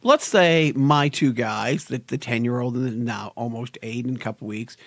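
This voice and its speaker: A man's voice: mid-range voice, normal speed, gravelly, fairly bright tone, dry recording. A middle-aged man co-hosting a podcast, telling stories in a rambling way with stammers and repeated words. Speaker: podcast co-host. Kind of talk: casual chat.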